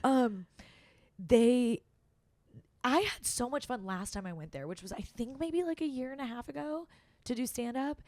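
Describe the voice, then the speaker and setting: A woman hosting a comedy podcast, chatting casually and joking quickly, often talking over her guest. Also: fairly high pitch, darkish tone, dry recording. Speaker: podcast host.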